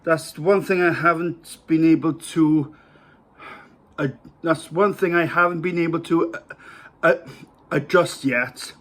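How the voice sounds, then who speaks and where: A Welsh-accented vlogger with a fairly high, somewhat bright voice and fairly even intonation chats to camera at home about his meal. He's unhurried, with long pauses, rambling and hesitant with lots of fillers, and pokes fun at himself.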